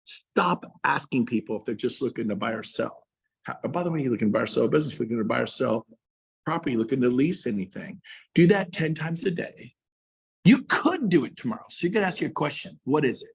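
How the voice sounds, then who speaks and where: A middle-aged man with a husky, slightly breathy voice at an ordinary male pitch gives a fired-up motivational talk to fellow realtors, speaking a little fast with lively intonation. Passionate and emphatic, he hammers points with repeated phrases, his voice leaping higher and louder when he pushes hardest.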